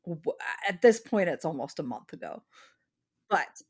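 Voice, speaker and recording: A woman's voice: deep voice, big pitch swings, unhurried, slightly rough. A woman co-hosting a podcast, telling a long story in casual chat with lots of "like" fillers. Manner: rambling storyteller, many "like" fillers. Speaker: podcast co-host.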